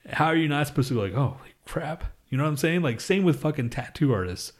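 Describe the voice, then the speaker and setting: A man's voice: fairly high pitch, lively intonation, very fast. A young man co-hosting a podcast, telling loose, profane stories in casual chat and laughing often. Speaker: podcast co-host.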